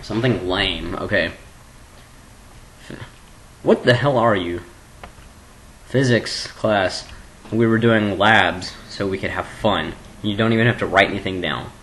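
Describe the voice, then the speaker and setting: A man rambling goofily in a webcam vlog at home at his computer, jumping between low mumbling and sudden squeals. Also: measured pace, long pauses, fairly bright tone, slight background noise, low-quality recording. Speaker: vlogger.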